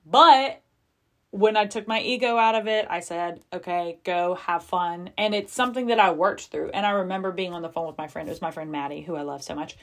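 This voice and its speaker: A woman's voice: mid-range voice, a little fast, fairly bright tone. A woman hosting a podcast, talking frankly and confessionally with lots of casual filler and frequent swearing. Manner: chatty with many fillers. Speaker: podcast host. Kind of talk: candid personal monologue.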